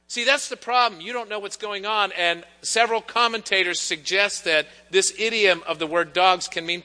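High, bright-voiced preacher in a reverberant church. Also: male voice. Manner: conversational preaching, teasing asides to the congregation. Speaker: pastor. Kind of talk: sermon. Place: church sanctuary.

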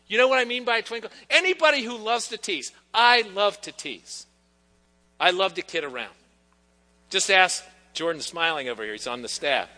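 A man's voice: sits high, sharp tone. A man preaching a sermon to his congregation, talking in a conversational way with teasing asides. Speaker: pastor. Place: church sanctuary. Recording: long church reverb.

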